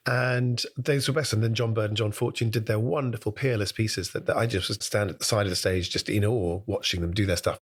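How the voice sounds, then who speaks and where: Speaking on the low side with fairly even intonation, a British man tells stories as a guest impressionist. The interview is brisk and conversational, and he breaks into voices as he goes.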